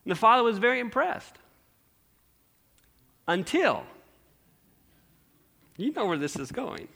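A male pastor preaching a sermon through an animated story, asking the congregation questions. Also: sits high, slow pace, vocal fry.

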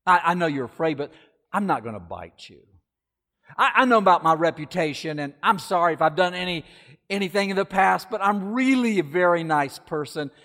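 A man's voice: sits high, animated, a little fast, bright, forceful tone, heavily acted. A man voicing a sly, poisonous male snake that talks in a soothing, stammering, wheedling way, heard in an echoey hall. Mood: pleading.

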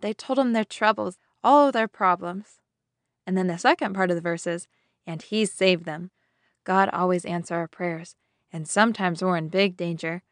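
Woman host of a kids' devotional, slow sing-song storyteller who asks questions, dry close recording. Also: on the low side, no echo. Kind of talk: children's Bible storytelling.

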